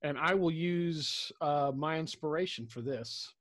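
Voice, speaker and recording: A man's voice: a little high, measured pace, fairly bright tone. A man playing a tabletop role-playing game, switching between describing his actions and speaking in character in a genial, coaxing way with old-fashioned phrasing. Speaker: player.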